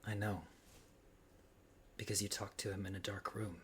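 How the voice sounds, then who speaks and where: A man voicing a calm, shrewd young male detective in a low, quiet, even manner. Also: normal speed, natural voice. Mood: knowing. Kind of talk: audiobook character voice.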